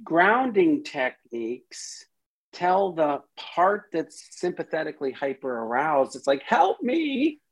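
A man's voice: on the high side, expressive, a little slow, husky, poor audio. A man, a psychiatrist guest on a podcast, explaining with animation and acting out inner voices as quotes.

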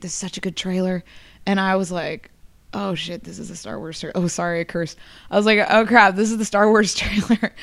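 A young woman guest at a comic convention, chatting in a rambling way with many fillers and laughs, her voice a little hoarse. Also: mid-range voice, fairly bright tone, dry recording. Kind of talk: casual interview chat.

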